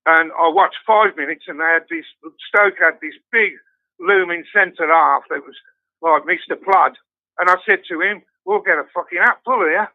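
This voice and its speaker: An older man chats casually and tells his stories in a high voice, with swearing and frequent laughter all through. The sound is thin and dry, like a phone line. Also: moderate pace, no echo. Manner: swears constantly, storytelling with laughs. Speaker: guest fan. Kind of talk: casual chat.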